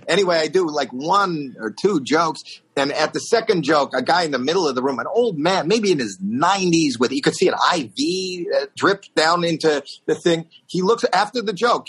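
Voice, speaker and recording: Man, middle-aged, husky voice, fairly high pitch, animated storyteller, squeaky impressions. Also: poor audio. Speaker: stand-up comedian guest telling a story. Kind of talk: casual storytelling on a talk show.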